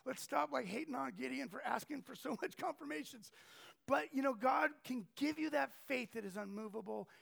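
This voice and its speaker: A man delivers a storytelling sermon in a strikingly high voice with heavy, gravelly fry. He keeps things animated, jumping into the voices of the people in his stories. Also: fairly quick. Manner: animated, acts out quoted people. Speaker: preacher.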